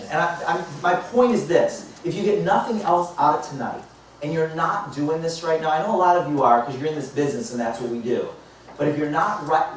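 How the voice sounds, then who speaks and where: A man in his fifties, a motivational speaker telling lively stories to a live audience and acting out both sides of conversations. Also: a little high. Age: 50s. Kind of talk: storytelling talk to a live audience. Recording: echoey hall, mic far off, faint noise.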